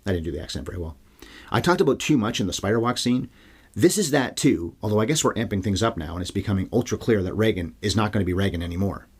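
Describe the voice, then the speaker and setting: Fast-talking husky low-voiced man. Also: lively intonation. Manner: wry, sarcastic asides; profane, irreverent. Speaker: podcast host. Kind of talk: solo film review podcast.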